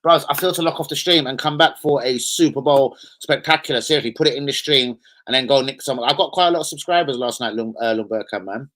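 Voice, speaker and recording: A young man, hosting a loose, sweary live stream and shouting out his viewers. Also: medium pitch, quick pace, few pauses, rough recording. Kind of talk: casual live stream chat.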